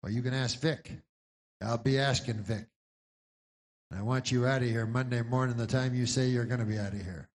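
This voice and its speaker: A gruff small-town policeman, as a male comedian plays him, asking blunt, suspicious questions in an ordinary mid-pitched voice. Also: fairly even intonation, normal speed, lightly acted.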